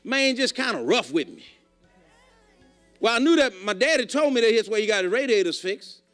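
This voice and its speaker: A male pastor preaching a folksy, emphatic sermon, rising to shouts at times. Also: very high-pitched, expressive, normal speed, faint music behind.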